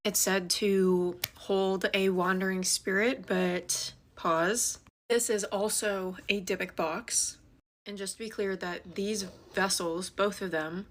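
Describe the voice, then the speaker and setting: A woman telling a scary story to her viewers in a quick, chatty way, with dramatic asides. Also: mid-range voice, slight background noise. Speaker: ghost story creator. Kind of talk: casual storytelling to camera.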